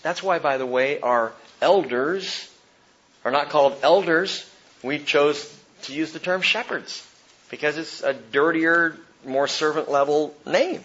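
A man preaching a sermon as pastor, impassioned, jumping from loud outbursts to hushed tones. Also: fairly high pitch, unhurried, dull audio.

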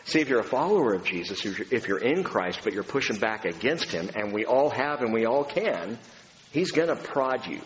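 A man's voice: lowish voice, expressive, brisk, slight background noise. Man preaching in an echoey hall. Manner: conversational preaching with acted-out quotes. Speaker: pastor. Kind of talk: sermon. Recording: echoey hall recording with faint ambience.

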